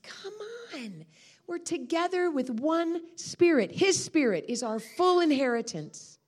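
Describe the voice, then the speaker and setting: A woman's voice: high-pitched, unhurried. A middle-aged woman preaching a sermon as a guest speaker, telling stories with laughter and exclamations. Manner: animated storytelling, laughing and shouting.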